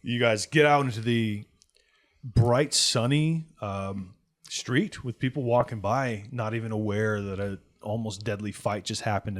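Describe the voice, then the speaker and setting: A man's voice: on the low side, fairly even intonation, normal speed. A man running a tabletop game as game master, narrating in a loose, rambling way.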